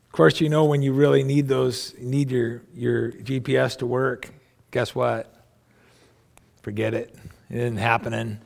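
A man's voice: mid-range voice, level tone, measured pace, gravelly, a little mellow. A middle-aged man giving a conversational sermon as a pastor, rambling and folksy, with plenty of asides. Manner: rambling, folksy, with family anecdotes and many asides.

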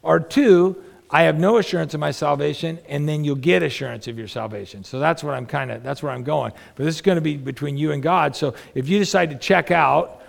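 Gravelly-voiced man preaching in a hall. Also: on the high side, fairly quick, hardly any pauses. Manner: conversational, rhetorical questions, acts out callers. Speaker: pastor. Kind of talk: sermon.

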